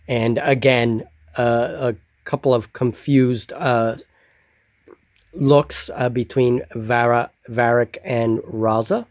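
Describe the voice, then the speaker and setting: Slow, deliberate male game master. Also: mid-range voice, fairly even intonation, no room sound. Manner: slow, deliberate scene describing. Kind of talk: solo tabletop game narration. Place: hobby table with miniatures.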